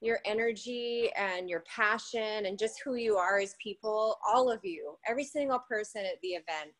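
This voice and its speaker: A woman's voice: medium pitch, moderate pace. A woman on a video call thanking her team, gushing with gratitude. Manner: warm, grateful, gushing.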